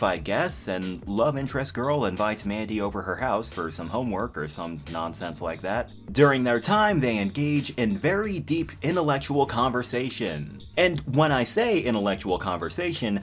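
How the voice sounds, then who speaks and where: A man ranting in a sarcastic commentary, his pitch swinging up and down as he mocks what he reviews. He swears freely and keeps breaking into disbelieving laughs. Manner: mocking, profane, breaks into laughter. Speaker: comic reviewer.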